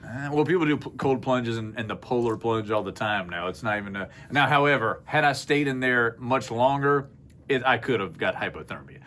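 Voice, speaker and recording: A man's voice: medium pitch, fairly quick, fairly bright tone, a little hiss or hum. A man telling stories as co-host of a casual chat show, acting out voices from his childhood. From South Carolina. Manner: storytelling, acts out childhood voices. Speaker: podcast co-host. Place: small studio room.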